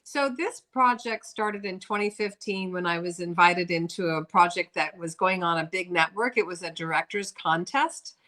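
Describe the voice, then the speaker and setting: A woman's voice: fairly low pitch, moderate pace, few pauses, pushed and bright. A woman director and co-creator speaking on a video call, upbeat and explaining at length. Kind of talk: casual interview.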